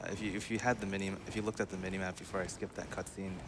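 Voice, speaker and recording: A man's voice: sits low, level tone, rapid-fire, background noise. A man casually commentating his own live speedrun, chatty and laughing often. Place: live marathon event stage.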